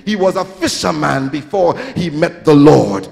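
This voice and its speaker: A man's voice: fairly high pitch, lively intonation, a little slow, vocal fry, a little mellow. A male pastor preaching a sermon in a church, with sing-song swells and acted-out quotes. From Trinidad and Tobago. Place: church sanctuary. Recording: reverberant church hall.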